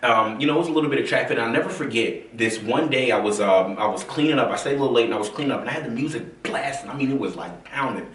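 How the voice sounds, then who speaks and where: A man from the American South telling his own story in a casual, animated way, full of fillers and acted-out quotes. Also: mid-range voice, quick pace, hardly any pauses. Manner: animated, acts out quoted voices, many fillers. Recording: roomy, from a distance.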